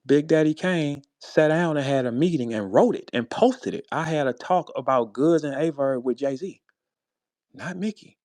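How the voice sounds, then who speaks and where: A man from St. Louis on a fiery, unscripted rant, with a voice pitched a touch high for a man. He talks bluntly and coarsely, drops into low muttering, then flares up high again. The sound is close and dry, with almost no room around him. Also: normal speed, darkish tone, no room sound. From St. Louis, USA. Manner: blunt, profane, swings between low grumbling and high-pitched outbursts. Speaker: rapper speaking in an audio chat room. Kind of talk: heated casual rant.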